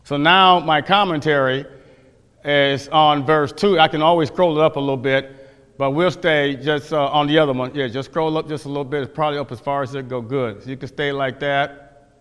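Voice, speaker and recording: A man's voice: fairly high pitch, steady tone, normal speed, fairly bright tone, clean tone. A man teaching a Bible class, folksy, questioning his listeners, often restarting his sentences. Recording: echoey hall.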